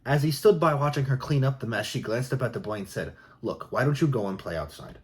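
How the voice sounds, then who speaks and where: A man reading jokes aloud in a soft, unhurried ASMR style. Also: mid-range voice, animated. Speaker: joke reader.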